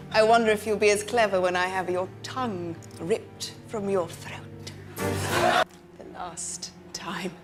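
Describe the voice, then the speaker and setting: A woman's voice: mid-range voice, fairly even intonation, slow pace, soft background music, lightly acted. An actress playing a cold, scheming royal woman in a television drama, speaking in a silkily threatening, mocking way. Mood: icy mockery. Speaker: TV drama character.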